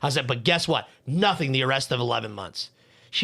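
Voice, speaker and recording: A man's voice: mid-range voice, very animated, fairly quick, creaky, bright, forceful tone, husky. A young man co-hosting a podcast, telling a heated, profane story about hating Valentine's Day. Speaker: podcast co-host. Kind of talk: heated casual podcast rant.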